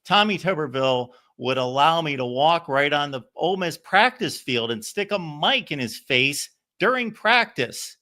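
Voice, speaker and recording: A man's voice: on the high side, expressive, normal speed, few pauses, pushed and bright. A man hosting a call-in show, telling rambling, anecdotal stories full of fillers and restarts. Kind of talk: casual storytelling.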